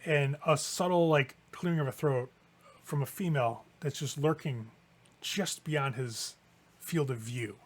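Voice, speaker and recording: A man's voice: medium pitch, measured pace. A man narrating as game master in a tabletop game, setting scenes casually with lots of fillers.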